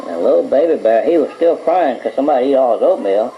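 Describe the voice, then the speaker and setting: A grandfather in his fifties tells a bedtime story at home in a homespun, folksy way. His voice has a gravelly texture. The old home tape is muffled, with a faint hiss beneath. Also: mid-range voice, lively intonation, fairly quick. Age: 50s.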